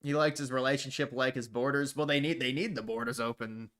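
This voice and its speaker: A man's voice: medium pitch, fairly even intonation, a little fast, fairly bright tone. A man hosting a livestream, reacting to chat in blunt, profane, sarcastic rants. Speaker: livestream host. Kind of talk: casual livestream commentary.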